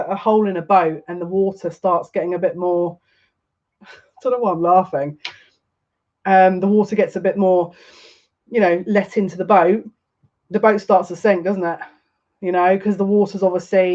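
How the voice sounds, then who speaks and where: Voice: medium pitch, a little mellow, lo-fi sound. A psychic tarot reader giving a live reading, chatty and rambling, who laughs often and repeats phrases.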